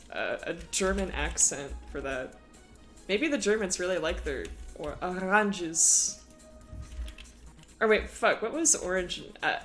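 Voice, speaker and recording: A woman's voice: lowish voice, fairly bright tone. A woman chatting casually with viewers on a live stream, playful and giggly.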